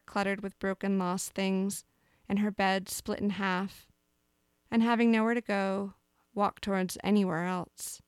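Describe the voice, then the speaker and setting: A woman calmly reading aloud a dark fable, as storyteller. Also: mid-range voice, smooth, dry recording, clean studio sound.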